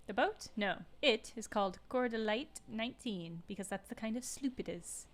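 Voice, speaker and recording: A woman's voice: a little high, moderate pace, hardly any pauses. A woman streaming a game, reading its text aloud, doing the characters' voices and reacting playfully between lines.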